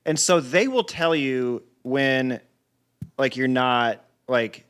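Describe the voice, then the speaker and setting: A man's voice: mid-range voice, takes it slowly, fairly bright tone, clear, resonant tone. Rambling, foul-mouthed comedian man. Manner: rambling, profane storytelling with many restarts. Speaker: comedian guest. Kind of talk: casual podcast chat.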